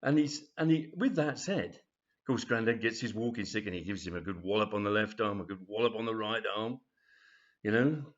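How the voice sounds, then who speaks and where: Chatty, rambling storyteller. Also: male voice, fairly low pitch, animated, a little fast, highs cut off. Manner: rambling, chatty, many fillers. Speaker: author reading his story. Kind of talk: storytelling reading.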